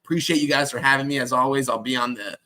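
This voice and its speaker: Fast, flat-toned man giving picks. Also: mid-range voice. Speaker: guest tipster. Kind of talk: casual sports picks talk.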